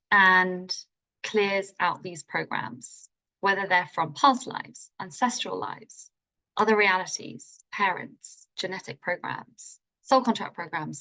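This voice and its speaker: A healing workshop teacher runs a live online masterclass in a mid-range, slightly bright voice. Her delivery is eager and casual, full of playful wording.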